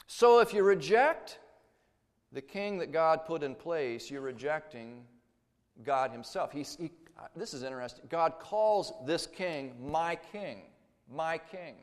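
A man's voice: a little high, animated, a little slow. Emphatic preacher man in a reverberant hall. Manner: emphatic, swings between loud and hushed. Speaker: pastor. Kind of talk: sermon.

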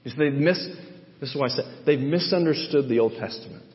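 A man's voice: mid-range voice, quick pace, slight background noise. Man, Bible teaching sermon, emphatic, restarts mid-thought, long hall echo, muffled sound. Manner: emphatic, thinking aloud with restarts.

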